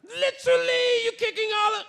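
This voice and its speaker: A man putting on a British accent to play an angry male subway security guard, yelling and scolding. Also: little pitch movement, fairly quick, creaky, heavily acted. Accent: put-on British accent. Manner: shrill, scolding yell.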